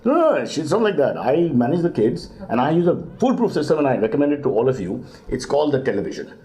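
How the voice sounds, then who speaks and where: A middle-aged man, a comedian guest answering questions with quick deadpan wisecracks and mock exasperation. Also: medium pitch. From India. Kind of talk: joking live interview banter.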